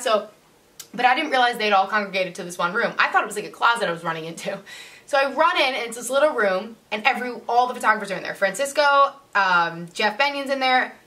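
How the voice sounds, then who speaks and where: A woman with a bright, forward voice talks to camera, spinning a personal story in a loose, chatty way and leaning on "like" fillers. She sits a little back from the mic. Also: medium pitch, recorded from a distance. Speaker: model and vlogger.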